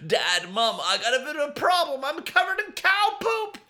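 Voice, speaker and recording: A man's voice: very high-pitched, very animated, normal speed, sharp tone, voice pushed up, heavily acted. A man voicing a young farm boy who groans and complains about his chores. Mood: dismayed.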